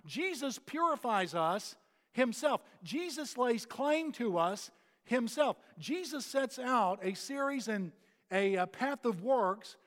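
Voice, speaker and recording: A man preaching with a high, ringing voice, earnest and emphatic as he presses each point home. His words echo through a reverberant sanctuary, with a long tail after every phrase. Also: animated, takes it slowly, a bit bright. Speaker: pastor. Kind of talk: sermon.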